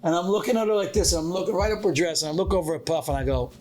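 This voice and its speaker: A man's voice: a little high, very fast. A middle-aged man co-hosting a podcast, telling a story in casual chat and acting out the lines of the people in it. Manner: animated storyteller acting out quotes. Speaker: podcast co-host.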